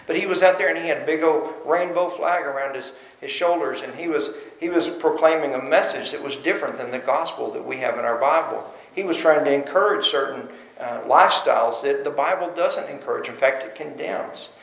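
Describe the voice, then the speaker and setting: A man's voice: fairly high pitch, fairly quick, gravelly, hardly any pauses, fairly bright tone. A man preaching a sermon as pastor, emphatic and full of rhetorical questions. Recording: roomy echo.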